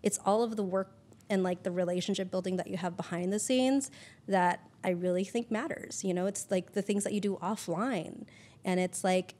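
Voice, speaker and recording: A woman's voice: mid-range voice, normal speed. A woman producer chatting casually as a podcast guest, peppering her talk with "like" and the odd swear. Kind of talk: casual interview chat.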